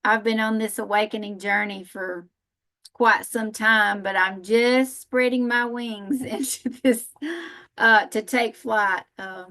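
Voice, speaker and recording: A woman with a Southern accent from Northern Alabama talks on a live panel at an everyday mid pitch. She is folksy and self-deprecating, and she laughs easily between thoughts. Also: fairly even intonation, takes it slowly, bright, forceful tone. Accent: Southern American. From Northern Alabama, USA. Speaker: panel speaker, spiritual practitioner.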